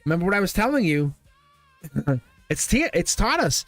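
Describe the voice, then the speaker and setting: Guy doing a live tarot stream, kinda high voice, swings up and down a lot, dry close sound. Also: normal speed, dry recording, soft background music. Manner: playful and animated, laughs often, repeats phrases. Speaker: tarot reader.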